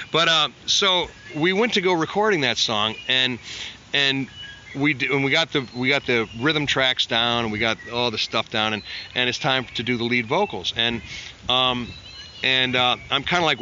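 A man's voice: medium pitch, moderate pace, bright, forceful tone, muffled recording, a little hiss or hum. A man, a musician, telling long stories in a casual interview, full of restarts and acted-out quotes. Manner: rambling, self-interrupting, acts out quotes in a raised voice. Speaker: musician guest.

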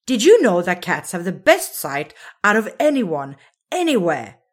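A woman voicing a loud, boastful young lioness cub who talks emphatically and excitedly in a storybook reading. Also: lowish voice, unhurried.

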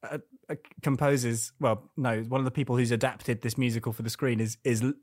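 A man's voice: mid-range voice, fairly even intonation, a little fast, a little mellow, no room sound, studio quality. A man co-hosting a casual film podcast, rambling and joking, laughing often. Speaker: podcast co-host. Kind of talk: casual chat about films.

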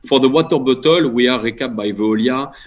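Guy answering radio questions, halting, lots of restarts, remote line, medium voice. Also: mid-range voice, muffled recording. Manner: halting, restarts phrases, non-native grammar. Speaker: guest, general manager of a recycling company.

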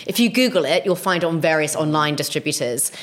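A woman's voice: low voice, animated, fast talker. A young adult woman, hosting a casual podcast and chatting enthusiastically about wine, with frequent fillers. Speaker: podcast host, wine expert.

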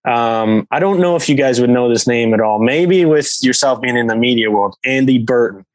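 A man's voice: mid-range voice, expressive, normal speed, dry recording, low-quality recording. A man from England, a professional hockey player guesting on a podcast, telling a story in a rambling way full of fillers. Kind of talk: casual storytelling.

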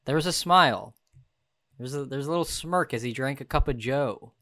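A man's voice: mid-range voice, normal speed, bright, forceful tone. A young man co-hosting a podcast in casual banter, with frequent restarts and fillers. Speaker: podcast co-host.

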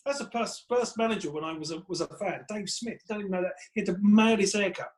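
A man with an Essex accent, a comedian telling lively stories in a casual podcast chat and acting out other people's voices. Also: high voice, quick pace. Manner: animated storyteller, acts out other people's voices. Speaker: guest, stand-up comedian.

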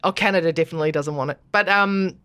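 A woman's voice: on the low side, fast, a bit bright, clean tone, no room sound. An Australian woman hosting a podcast in casual, chatty conversation, laughing often. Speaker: podcast host. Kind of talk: casual chat.

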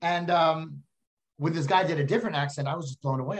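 A man with a Texan accent, a comedian chatting casually and telling animated stories as a podcast guest. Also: a little high, quick pace. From Texas. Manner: animated storyteller, slips into silly voices.

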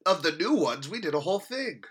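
A man's voice: fairly high pitch, sing-song, brisk, fairly bright tone, slightly rough. A man co-hosting a movie podcast, chatting casually and laughing often as he teases his friend. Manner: giggly, teasing. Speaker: podcast co-host. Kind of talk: casual chat.

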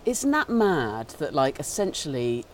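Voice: mid-range voice, big pitch swings, a little slow, slight background noise. A podcast host, chatting in a playful way, laughing and swearing freely. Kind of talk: casual chat.

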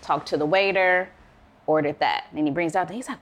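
With a low voice at a moderate pace, a woman from Chicago who consults on wine tells vlog stories casually. She's lively and acts out the quoted voices of people in them.

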